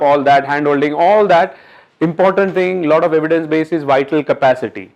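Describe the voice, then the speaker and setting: A man giving an interactive medical lecture at a workshop, quizzing the audience in a coaxing, brisk way. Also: fairly high pitch, dull audio.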